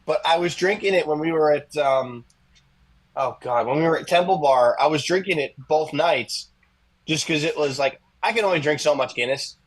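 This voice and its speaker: Young adult male co-host, higher-pitched, loose rambling delivery with frequent fillers. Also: normal speed, poor audio. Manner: rambling, lots of fillers and restarts. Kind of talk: casual sports talk show chat.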